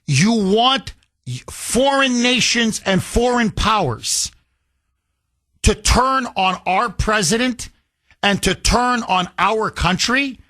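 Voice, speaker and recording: A man's voice: high-pitched, pushed and bright, dry recording. A man hosting a political talk radio show, delivering combative, sarcastic commentary straight into a studio mic. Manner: combative, sarcastic, rapid-fire.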